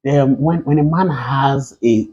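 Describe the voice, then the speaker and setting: A man's voice: mid-range voice, unhurried, a little mellow, slightly rough, lo-fi sound. A man hosting a talk show, curious and prone to stammering restarts as he questions his guest. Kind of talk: interviewing a guest.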